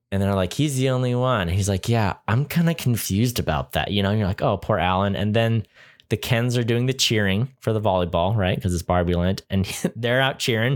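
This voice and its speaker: A man co-hosting a casual movie chat, enthusiastic and rambling with lots of fillers. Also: mid-range voice. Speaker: podcast co-host.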